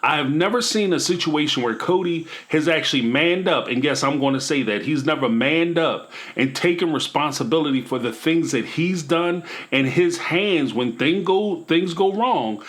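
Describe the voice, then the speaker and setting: A man's voice: a little high, animated, moderate pace, hardly any pauses, fairly bright tone. A man hosting a commentary channel, talking emphatically and preachily in a casual vlog style, with playful asides.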